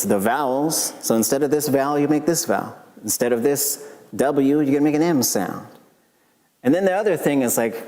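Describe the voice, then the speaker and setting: A man giving a casual lecture as a language professor, relaxed and chatty, with joking asides and lively jumps in pitch. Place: lecture hall. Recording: long reverb of a lecture hall.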